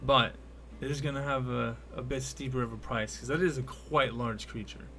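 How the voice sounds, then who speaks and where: A man's voice: mid-range voice, steady tone, moderate pace, bright, forceful tone, slight background noise. Mister Barthen, a man playing an old shopkeeper. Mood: bargaining. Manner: haggling, folksy merchant talk. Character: older male shopkeeper, businesslike and friendly.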